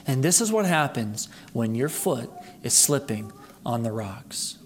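A man preaching a sermon as pastor, earnestly calling his listeners brethren, his voice climbing high and loud for emphasis, then dropping low and quiet. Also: sing-song, unhurried, a little hiss or hum. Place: church sanctuary.

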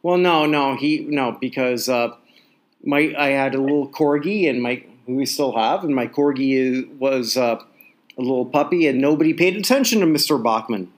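A podcast co-host chats casually about sports, rambling, joking, and restarting his sentences often. His voice is medium-pitched and moderately paced.

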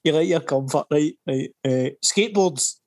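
A man's voice: on the high side, normal speed, no echo. A Scottish man hosting a podcast interview, asking questions in a laid-back way. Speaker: podcast host. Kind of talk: casual interview chat.

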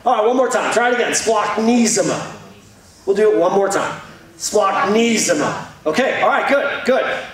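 A young man delivering a sermon, telling a story with jokes and an animated, storytelling manner. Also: sits high, fast talker. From Indiana. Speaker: pastor. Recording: echoey hall from far off.

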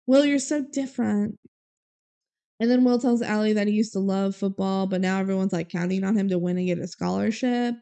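A young woman co-hosting a podcast, retelling a movie quickly with laughs and mock quotes. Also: medium pitch, fairly even intonation, dark tone, clean tone. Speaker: podcast co-host. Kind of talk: casual chat recapping a movie.

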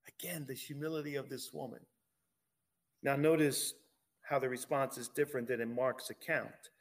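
A man's voice: mid-range voice, steady tone, normal speed. A man preaching a sermon, reading scripture aloud and pressing his point with emphatic rhetorical questions.

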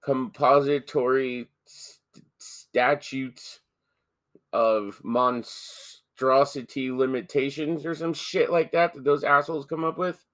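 A man's voice: medium pitch, fairly even intonation, slow, fairly bright tone, no echo. A man co-hosting a podcast in casual chat, joking crudely and swearing freely. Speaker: podcast co-host.

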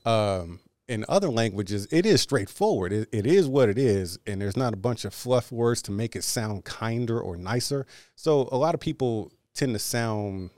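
A man's voice: on the low side, lively intonation, normal speed, few pauses, a little mellow, no echo, clean studio sound. A man hosting a podcast in casual chat, laid-back and slangy, laughing often, talking from home. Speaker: podcast host. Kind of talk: casual chat over video call. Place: home with his dog nearby. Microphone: camera and mic at desk.

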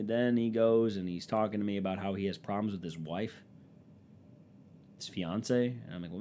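A man's voice: lowish voice, a little mellow, slight background noise. Sarcastic, profane young man with a stuffy nose. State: stuffy-nosed from allergies. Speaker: vlogger. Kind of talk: casual comedic monologue.

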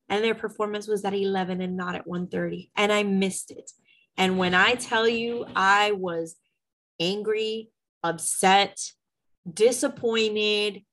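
A woman's voice: medium pitch, fairly bright tone, low-quality recording. A middle-aged woman, a mother, telling a personal story in a candid, emotional, venting way with some swearing.

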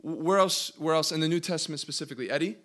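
A man teaching a Bible study as a pastor, emphatic, asking his listeners questions and slowing down to stress key words. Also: fairly high pitch, a bit bright. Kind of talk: interactive sermon teaching.

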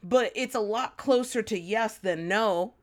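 A woman's voice: mid-range voice, unhurried. A young woman co-hosting a casual fan podcast, rambling through her thoughts with lots of fillers and swearing, breaking into shrieking laughter. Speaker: podcast co-host.

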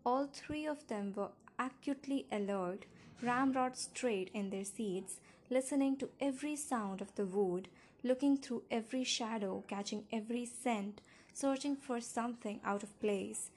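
A woman narrating an audiobook in the first person, with a measured, steady reading. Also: on the high side.

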